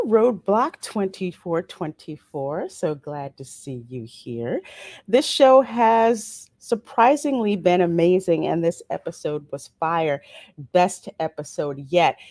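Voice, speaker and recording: A woman hosting a casual solo livestream review of a TV episode. She reads viewer comments aloud and answers them in a relaxed, playful way with frequent asides. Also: fairly low pitch, no room sound. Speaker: host of a show review channel.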